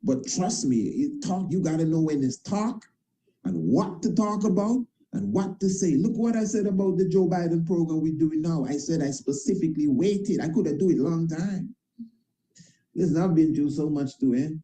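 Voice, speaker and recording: A man's voice: fairly high pitch, animated, normal speed, mellow, poor audio. A man speaking as a priest in an impassioned monologue, emphatic and repetitive, with informal grammar and frequent tag questions. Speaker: priest and internet show host. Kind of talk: impassioned talk-show monologue.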